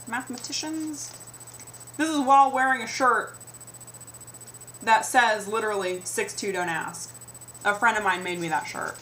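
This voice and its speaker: A woman's voice: medium pitch, fairly bright tone, slight background noise, rough recording. A young adult woman vlogging a sarcastic comedic rant, mimicking the comments people make to her.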